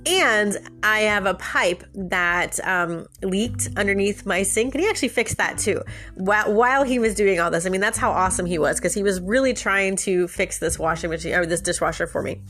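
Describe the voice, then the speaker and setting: A woman hosting a podcast, telling a personal story in a casual, animated way and laughing often. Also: medium pitch, moderate pace, faint music behind. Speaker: podcast host and life coach.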